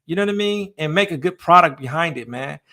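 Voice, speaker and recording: Man, ranting co-host, lively swinging pitch, slightly high voice. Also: quick pace. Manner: ranting, exasperated, says "dude" and "man" a lot. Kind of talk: casual chat.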